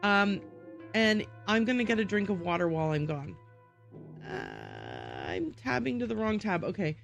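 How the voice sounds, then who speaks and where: A woman's voice: medium pitch, wildly swooping pitch, a little slow, vocal fry, dull audio, music in the background. A woman streaming a game and chatting casually with her viewers. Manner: chatty, talks to her chat. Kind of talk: casual game livestream chat.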